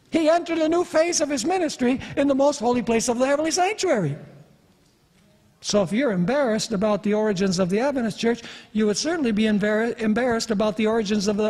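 A man's voice: very high voice, a little mellow. A man preaching a sermon, emphatic and questioning his audience. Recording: long reverb of a hall.

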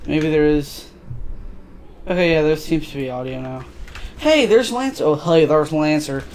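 A man's voice: a little high, steady tone, normal speed, darkish tone, a little hiss or hum. A man casually commentating a video game, crude and profane, loosely recapping the story as he plays. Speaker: let's play gamer.

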